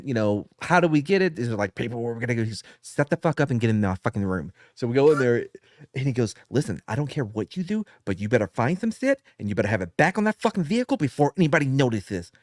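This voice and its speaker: A man in the middle of a rambling story, his pitch swinging up and down as he puts on other people's voices and laughs at his own punchlines. His voice is recorded close and dry, with no room sound. He swears freely and keeps the tone loose and conversational. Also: no echo. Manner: animated storyteller, acts out voices, laughs often. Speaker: podcast co-host, veteran. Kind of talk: casual storytelling with profanity.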